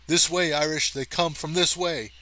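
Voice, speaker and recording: A man's voice: on the high side, fairly even intonation, moderate pace, pushed and bright, pitched above the performer's own voice. A man doing a tense, urgent space cameraman. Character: tense determined male cameraman stranded in space.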